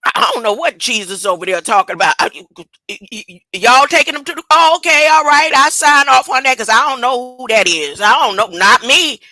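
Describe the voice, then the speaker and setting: A nervous disciple stammers and backpedals in denial, as a woman acts him out. The voice is bright and close, with a flustered, hurried edge. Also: high-pitched, lively intonation, dry recording. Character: nervous male disciple denying his master.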